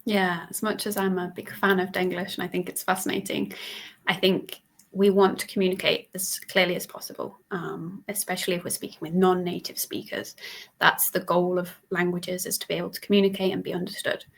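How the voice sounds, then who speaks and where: A woman's voice: fairly low pitch, level tone, brisk, gravelly. A woman working as a business English coach, explaining word meanings in a friendly way with plenty of fillers during a casual online discussion.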